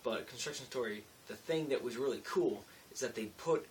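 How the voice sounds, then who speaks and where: Tired young vlogger rambling late at night, a bit far from the mic with light hiss. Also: male voice, medium pitch, a little fast. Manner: rambling, self-mocking, restarts and asides. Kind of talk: casual late-night storytelling vlog.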